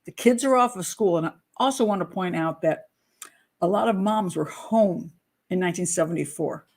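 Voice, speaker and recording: An older woman, a criminal profiler, giving chatty, blunt true crime commentary with sarcastic asides. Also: medium pitch.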